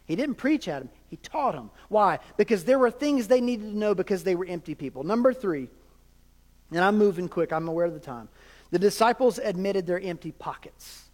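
High-voiced preacher in a reverberant hall. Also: male voice, animated, moderate pace. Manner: conversational preaching with jokes and asides. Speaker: pastor. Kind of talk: sermon.

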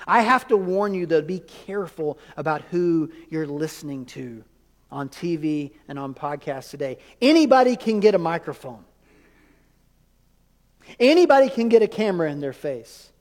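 A man preaching from the pulpit with a notably high voice, talking to his congregation in an emphatic, conversational way and tossing them rhetorical questions. His words ring out with the long reverb of a large church sanctuary. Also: lively intonation, normal speed. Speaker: pastor. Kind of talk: sermon.

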